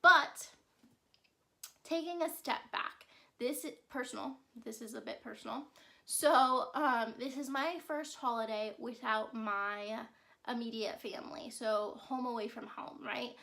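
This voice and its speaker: A woman's voice: fairly high pitch, unhurried, sharp tone. A young woman hosting a self-care vlog, talking casually and earnestly to her viewers and often asking "right?". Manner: chatty and earnest, frequent "right?" and "um". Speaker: self-care podcast host. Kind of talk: casual solo vlog talk.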